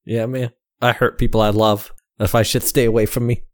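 A man co-hosting a podcast in a relaxed, bantering style, prodding his partner with sarcastic jabs. His voice sits at an ordinary pitch and comes through dry and close on a studio mic. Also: a little fast, dry recording. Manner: teasing, sarcastic. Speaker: podcast co-host.

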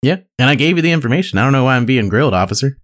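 Laid-back deadpan podcast co-host. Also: male voice, mid-range voice, racing. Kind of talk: casual podcast banter.

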